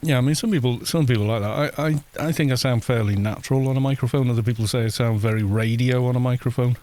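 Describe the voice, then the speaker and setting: Male streamer, soft and gentle, loose rambling chat at an average pitch. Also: quick pace. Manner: quiet, gentle voice; rambling, with frequent restarts and soft laughs. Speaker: game streamer. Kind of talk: casual live-stream chat while gaming.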